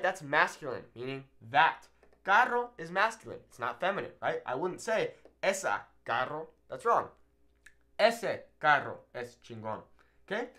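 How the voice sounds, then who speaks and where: A young man gives a relaxed, upbeat lesson at a whiteboard. His pitch swings a lot as he works through one example after another. He keeps checking in with his listeners. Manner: casual, upbeat, many "okay"s and repeated examples. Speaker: Spanish teacher. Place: classroom with a whiteboard.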